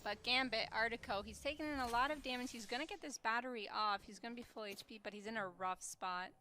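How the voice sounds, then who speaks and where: A woman from Canada giving relaxed, self-deprecating color commentary as an esports analyst. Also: fairly high pitch, fast talker, a little hiss or hum.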